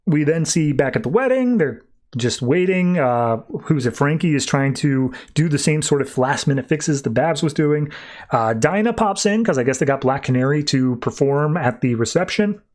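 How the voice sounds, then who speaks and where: A man's voice: a little high, animated, moderate pace, darkish tone. A man hosting a podcast, casually retelling a comic story in a chatty, loose way. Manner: chatty, loose, with fillers and asides. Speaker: podcast host. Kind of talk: casual comic book recap.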